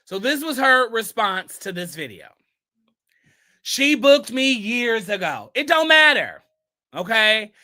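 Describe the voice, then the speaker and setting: A bright, high-pitched man hosts a casual gossip commentary. He reads posts aloud and answers them with sassy, emphatic rhetorical questions. His tone stays sharp and pointed throughout.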